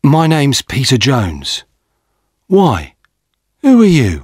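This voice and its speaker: A man's voice: medium pitch, wildly swooping pitch, takes it slowly, darkish tone, slightly rough, dry recording, studio quality, voice pushed up, exaggerated voice. A man voicing a defensive young male jogger in a read-aloud story. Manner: indignant, defensive.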